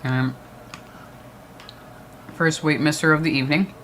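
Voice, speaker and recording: A man's voice: fairly high pitch, steady tone, unhurried, fairly bright tone, slight background noise. A man co-hosting a livestream watch party, chatting casually and answering viewer comments. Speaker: livestream co-host. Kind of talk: casual chat with live chat.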